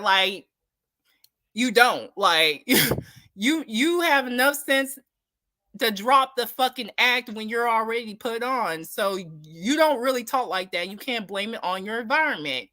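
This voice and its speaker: A woman's voice: on the high side, animated, a little slow, sharp tone, dry recording. A woman giving a casual, heated, profane opinion rant to her viewers, blunt and repeating herself for emphasis. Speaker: commentary streamer.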